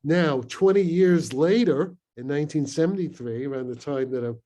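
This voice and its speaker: A man's voice: on the high side, normal speed, mellow. A man in his eighties, originally from Brooklyn, telling a long story as a panel guest, rambling and digressive with many fillers, restarts and chuckles, heard over a video call.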